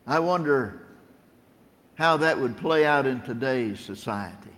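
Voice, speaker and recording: A man's voice: medium pitch, animated, unhurried, a bit bright. A middle-aged man preaching a sermon in a plain-spoken, storytelling way, lifting his voice when he quotes scripture. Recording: long reverb of a large room.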